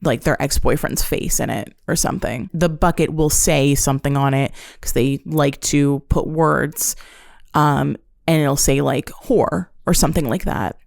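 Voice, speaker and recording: A woman's voice: low-pitched, normal speed, vocal fry, darkish tone, no echo, studio quality. A woman hosting a solo podcast, recapping a show in a profane, sarcastic, joking way. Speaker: podcast host. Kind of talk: casual solo podcast storytelling.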